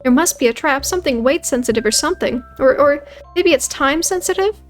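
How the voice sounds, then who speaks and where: A woman putting on a timid young housemaid for a video game let's play, stammering over her words and apologizing in a high, anxious voice. She sounds fretful and easily frightened, repeating herself as she tries to get a thought out. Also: expressive, brisk, faint music behind. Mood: worried.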